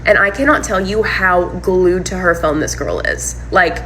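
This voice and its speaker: A woman telling a personal story in a casual monologue, animated and full of "like" and "um". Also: on the low side, normal speed, a little hiss or hum, rough recording. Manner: animated retelling, heavy use of "like" and "um". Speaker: storyteller recounting her breakup.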